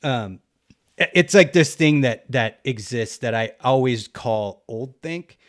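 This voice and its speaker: A middle-aged man hosting a relaxed podcast chat, with a voice of middling pitch. He rambles through his points, leans on fillers and breaks into easy laughs. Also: slow. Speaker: podcast host and record cover artist. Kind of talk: casual conversation.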